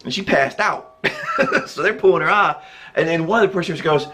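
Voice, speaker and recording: A man with a rather high voice tells a personal story in a relaxed, casual way. He is animated and jokey and keeps breaking into chuckles as he talks. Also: moderate pace, pauses often. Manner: chuckles often while telling.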